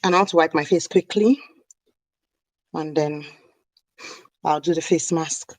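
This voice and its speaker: A woman's voice: sits low, measured pace, no echo, poor audio. A woman chatting casually on a live stream, rambling and snacking as she talks. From Nigeria (South South). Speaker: hair care vlogger. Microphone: camera mic on a live stream.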